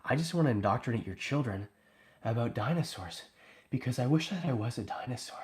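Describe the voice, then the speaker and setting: A man putting on a low, hushed, folksy voice as an easygoing, cheerful, dinosaur-obsessed grown man. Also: expressive, brisk, close to an everyday voice. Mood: mock-cheerful.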